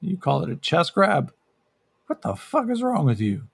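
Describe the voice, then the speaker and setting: A man voicing a panicked male warrior who yells and curses. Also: mid-range voice, takes it slowly, vocal fry, husky, dry recording, full character voice. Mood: outraged. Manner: yelling, cursing, frantic.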